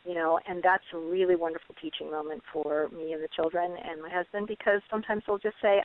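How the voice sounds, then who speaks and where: A woman's voice: fairly low pitch, fairly even intonation, quick pace, hardly any pauses. A middle-aged woman, a parenting author, telling stories earnestly in a webinar interview and acting out her children's voices. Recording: tinny phone-like webinar audio.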